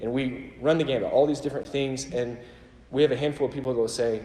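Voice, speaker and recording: A man's voice: medium pitch, steady tone, quick pace, warm tone. Man, church talk, casual storytelling, self-deprecating, lots of fillers, roomy echoey hall. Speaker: church ministry worker. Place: church auditorium. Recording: echoey hall with long reverb.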